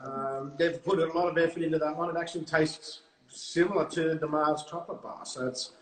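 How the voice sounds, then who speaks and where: Aussie guy talking up his product on a stream, bit high voice, echoey room. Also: fairly even intonation, fairly quick. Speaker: guest, product maker. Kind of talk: casual live-stream chat.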